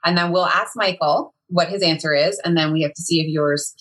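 Woman, podcast co-host, husky, lowish voice, casual chat, chatty. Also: brisk, a bit bright, poor audio. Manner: chatty, laughs often, runs a game.

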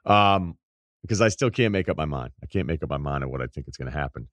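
Very deep-voiced sports podcast host. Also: male voice, expressive, quick pace, a bit bright, no room sound, clean studio sound. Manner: thinking aloud, hedging. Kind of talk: casual sports talk.

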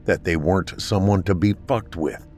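A man steadily narrating a scripted horror story in a measured storytelling voice. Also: low voice, darkish tone, soft background music.

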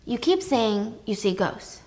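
A woman's voice: on the high side, very animated, takes it slowly, a little mellow, full character voice. A woman voicing a frustrated male psychiatrist who presses and dismisses his patient. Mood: probing.

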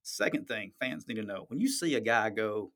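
A man's voice: on the low side, lively intonation, moderate pace, fairly bright tone. Blunt man talking sports. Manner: blunt, emphatic, profane, keeps asking "okay?". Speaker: podcast host. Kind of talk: casual sports talk.

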